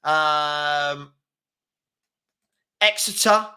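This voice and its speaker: Young London man, live-stream host, fast and chatty, bright forward tone. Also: fairly high pitch, clear, resonant tone. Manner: fast-talking, chatty, reads out names and places. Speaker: football chat host. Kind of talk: live-stream casual chat reading viewer comments.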